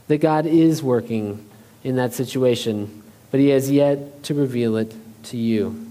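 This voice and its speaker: Warm-voiced pastor preaching to a congregation. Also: male voice, on the high side. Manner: conversational, asks the congregation questions. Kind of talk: sermon.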